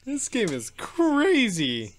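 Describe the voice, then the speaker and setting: Streamer laughing and cursing through a game, slow talker, voice swoops around. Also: medium pitch, wildly swooping pitch. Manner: laughs often, swears, exclaims at the game. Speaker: streamer playing a visual novel. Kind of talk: let's-play chat and reading game lines.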